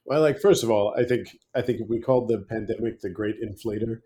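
A man's voice: fairly low pitch, fairly even intonation, fairly quick, mellow. A man hosting a casual conversation, joking with playful asides. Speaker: podcast host.

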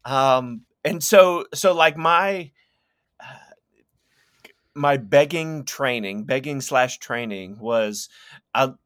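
A man in casual conversation, telling stories with animated energy and slipping into playful impressions. His voice is bright and forceful, recorded dry and close with no room sound. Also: mid-range voice, slow pace, pauses often, no echo.

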